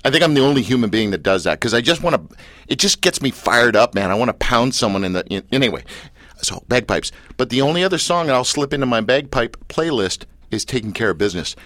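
Male interviewer, excitable fan energy, slangy, bright tone, dry sound. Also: mid-range voice, fast talker, no room sound. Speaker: interview host. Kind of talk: casual interview chat.

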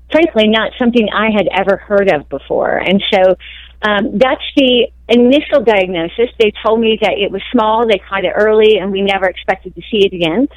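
A woman's voice: medium pitch, no echo, muffled recording. A woman in her forties, a guest author calling in, telling her story in a friendly, candid way. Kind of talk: phone-in radio interview.

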